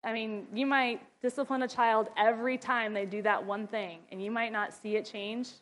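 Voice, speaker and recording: Woman, higher-pitched, casual and chatty, acts out quotes while teaching moms. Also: fairly even intonation, moderate pace, a bit bright, slight background noise. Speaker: speaker teaching mothers.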